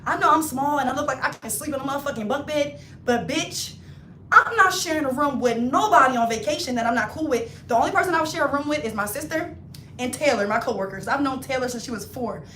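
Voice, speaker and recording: A woman livestreaming a casual storytime, animated and slangy, acting out her friends' voices as she talks. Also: sits high, quick pace, roomy sound, a little hiss or hum. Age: adult, not in her twenties. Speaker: hairstylist livestreamer.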